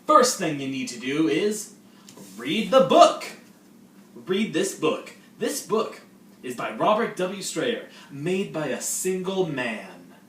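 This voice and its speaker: A young man playing a pompous know-it-all high school senior, loud and patronizing. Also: very animated, slow, heavily acted. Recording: roomy, distant mic, faint noise.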